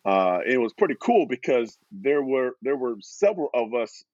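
A former pro football player telling a lively anecdote as a guest, with a dull, dry lo-fi recording. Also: male voice, mid-range voice, normal speed, dry recording. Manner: animated, laughing storyteller. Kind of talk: storytelling.

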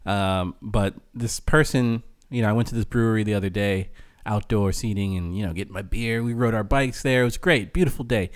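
A man co-hosting a casual chat podcast, an animated storyteller who uses slang and laughs often. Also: fairly low pitch, brisk, hardly any pauses, clear, resonant tone. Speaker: podcast co-host.

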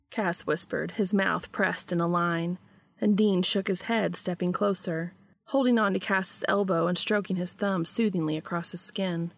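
A woman reading fan fiction aloud in a steady, even storytelling manner. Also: on the low side, normal speed, creaky, no echo.

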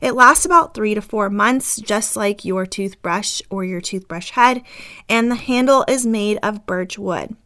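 A woman's voice: medium pitch, a little slow, bright, forceful tone. A woman hosting a casual podcast, talking in a chatty, upbeat way with a slightly scratchy, itchy throat. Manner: chatty, upbeat, uses fillers like "um" and "like". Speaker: podcast host; dental professional.

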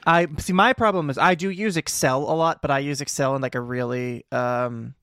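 A man's voice: mid-range voice, steady tone, normal speed, a bit bright, clear, resonant tone, dry recording, studio quality. A man co-hosting a podcast in casual chat, making wry, sarcastic quips and swearing freely. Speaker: podcast co-host.

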